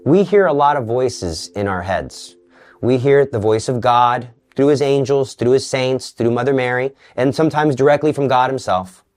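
A man giving an earnest Catholic teaching talk in a sermon style, dropping to a hush for quoted voices. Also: mid-range voice, moderate pace. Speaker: Catholic preacher.

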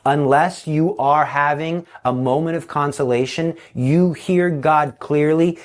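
A man preaching a sermon in an animated storytelling manner. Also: on the high side, a little slow. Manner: animated storytelling with acted voices. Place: Texas.

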